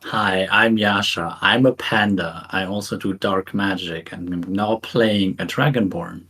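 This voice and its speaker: Deep-voiced man player. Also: steady tone, unhurried, bright, forceful tone. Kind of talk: casual chat.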